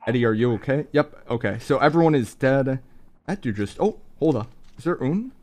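Speaking briskly, a young man narrates a mobile shooter game live for his audience, using lots of slang and sounding thrilled, and he keeps erupting into abrupt high yelps.

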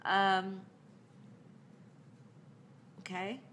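An actress casually answering fan questions in a live Q&A, chatty and rambling, with plenty of fillers and small laughs. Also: female voice, medium pitch, flat delivery, extremely slow, fairly bright tone, a little hiss or hum.

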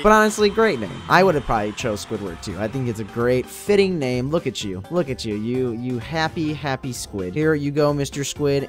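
A young man casually commenting on his Minecraft gameplay, chatty and upbeat, talking straight to his viewers. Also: fairly high pitch. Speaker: Minecraft YouTuber.

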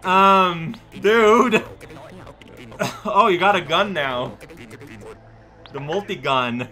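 Goofy, high-voiced man narrating gameplay. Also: very slow. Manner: rambling, goofy, excitable. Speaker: let's play host. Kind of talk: casual gameplay commentary. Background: game music.

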